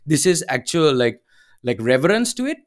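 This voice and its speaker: A man's voice: on the high side, very animated. A man, a band's vocalist, talking casually in a guest interview. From Sri Lanka. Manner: rambling, fast, with restarts. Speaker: band vocalist.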